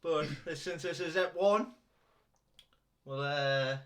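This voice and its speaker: A man's voice: on the high side, slow pace, fairly bright tone. A man with a North East English accent co-hosting a podcast, bantering and swearing casually. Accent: North East English, between Newcastle and Durham. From North East England. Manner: banterish, swears a lot, laughs often. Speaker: podcast co-host. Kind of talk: casual chat. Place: room at home. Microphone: shared microphone.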